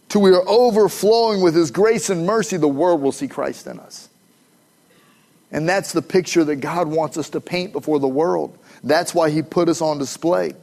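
Middle-aged pastor, fairly high male voice, emphatic and animated from the pulpit, joking asides. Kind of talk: sermon.

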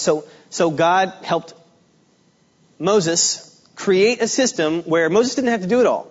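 A man giving a guest sermon in a relaxed, conversational way, with fillers and restarts. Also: high voice, slow pace, muffled recording. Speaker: guest preacher. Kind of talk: sermon with a joke opener.

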